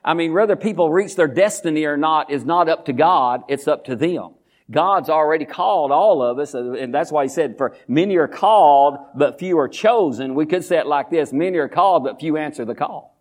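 A man preaching a sermon as pastor, folksy, calling out to his congregation and reading scripture slowly and deliberately. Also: a little high. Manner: folksy, call-and-response with congregation.

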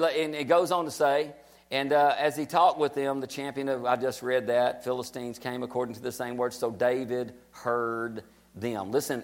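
A man preaching a sermon, emphatic and repetitive, urging his listeners on. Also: medium pitch. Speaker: pastor.

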